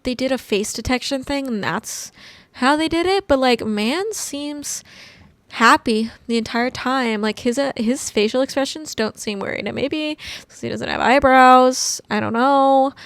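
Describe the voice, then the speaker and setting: A woman casually recapping and reviewing a movie, rambling and chatty with lots of "like" and animated, exclamatory asides. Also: sits high, no echo. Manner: chatty, rambling, heavy use of "like".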